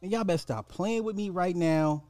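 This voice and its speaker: A man's voice: moderate pace, a little mellow, dry recording, soft background music. A man hosting a commentary podcast, reacting to a clip with incredulous mockery. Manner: incredulous, swinging wildly in pitch, mocking. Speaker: podcast host.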